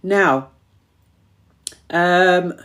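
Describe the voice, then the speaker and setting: A woman's voice: lowish voice, very slow, a bit bright. A woman hosting a motivational live stream, emphatically repeating affirmations to her community, her voice strained and tiring.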